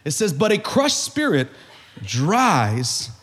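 A male pastor preaching with a high voice that climbs and swoops widely. He jokes with his church, throws out call-and-response questions, and builds to shouted peaks before dropping back to a calmer teaching tone. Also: slow pace. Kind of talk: sermon.

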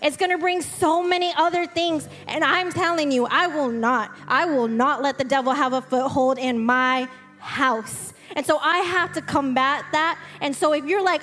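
A wife and mother co-hosts a faith talk, speaking candidly and conversationally with a self-deprecating touch. Her voice is high and fairly bright, her pace measured. Long reverb surrounds the recording, with faint music in the background.

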